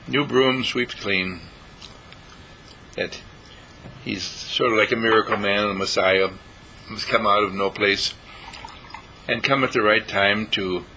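A man's voice: fairly low pitch, pushed and bright, a little hiss or hum, low-quality recording. A man hosting a spiritual talk show, preaching in a monologue full of rhetorical questions. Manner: preachy, rhetorical questions, voices imagined listeners. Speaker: radio talk host and dean of a healing school.

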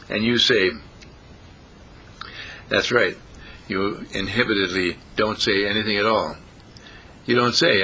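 A man's voice: lowish voice, normal speed, long pauses, bright, forceful tone, slightly rough. A man preaching a folksy sermon, repeating phrases and lifting his voice on the key words. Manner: folksy, repetitive, rising emphasis on key phrases.

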